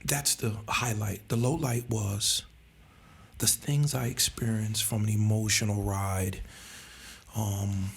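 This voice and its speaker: A man's voice: fairly low pitch, fairly even intonation, slow, vocal fry, breathy edge. A man, a pastor and church planter, telling a story in a podcast conversation, laughing often and acting out the voices of people he quotes.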